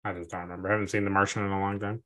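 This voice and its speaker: A man co-hosting a podcast, recapping a TV episode in casual chat and acting out scenes in a jokey, animated way. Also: deep voice, very fast. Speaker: podcast co-host.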